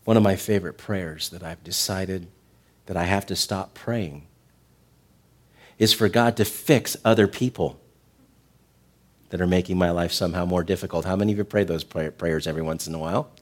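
A middle-aged man delivers a sermon in a fairly low voice. He preaches with real animation, climbing to loud, emphatic peaks before dropping back into soft, tender stretches. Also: moderate pace, pauses often. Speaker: pastor.

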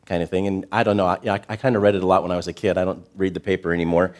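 A man preaching a sermon as a pastor, earnest and direct with the congregation, slowing down to stress key words. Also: low voice, level tone. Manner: talks directly to the congregation with asides.

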